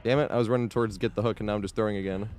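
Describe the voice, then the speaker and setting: A man's voice: fairly low pitch, fairly even intonation, very fast, darkish tone, slight background noise. A man streaming a game live, chatting casually with viewers, swearing freely, laughing often and thanking supporters as he plays. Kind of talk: live gameplay commentary.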